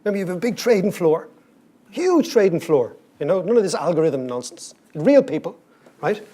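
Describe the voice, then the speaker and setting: Brief: Irish man, 50s, comic keynote storyteller, high voice, irreverent and salty. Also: brisk. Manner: lively, irreverent, swears freely, jokey asides. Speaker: conference speaker, economist.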